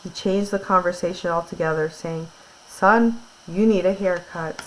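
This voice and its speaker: A woman's voice: fairly low pitch, normal speed, slight background noise, rough recording. A woman teacher reading a novel aloud and retelling parts of it in casual words, with fillers. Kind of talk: classroom read-aloud with retelling.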